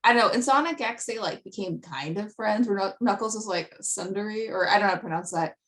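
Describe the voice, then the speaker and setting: A woman's voice: medium pitch, quick pace. A woman guest on a podcast in casual chat, giggling often and filling her talk with "like". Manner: chatty, giggly, lots of "like" fillers.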